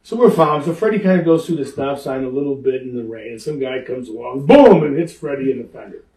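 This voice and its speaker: An older man, a former pro wrestler, telling lively stories in an interview and acting out the people in them. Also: medium pitch, fast, far from the mic. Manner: animated, acts out the people in his stories. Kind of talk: lively anecdotal storytelling. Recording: roomy echo, speaker off-mic.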